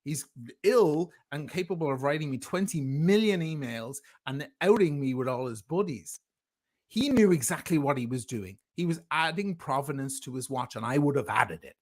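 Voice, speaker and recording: A man's voice: a little high, animated, moderate pace. A man speaking as a guest in a heated livestream discussion, defending himself emphatically and sarcastically. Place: lives in Venice.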